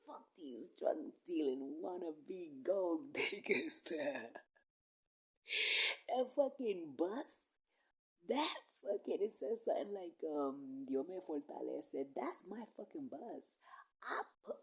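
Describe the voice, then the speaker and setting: A woman's voice: low voice, animated, a little slow, darkish tone, breathy edge. A woman, rambling profanely through a monologue that jumps from topic to topic. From Puerto Rico.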